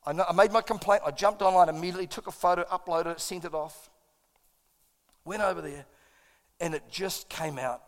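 A man's voice: high voice, fairly quick, long pauses. A middle-aged man, preaching a sermon as a pastor in an impassioned, self-deprecating storytelling manner. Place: church auditorium. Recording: long reverb in a large hall.

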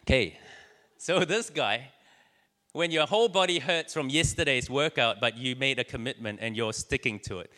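A man's voice: medium pitch, normal speed, pushed and bright, in a large hall. A man giving a casual sermon to a church crowd, telling stories with many fillers and restarts. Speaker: church speaker. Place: church hall.

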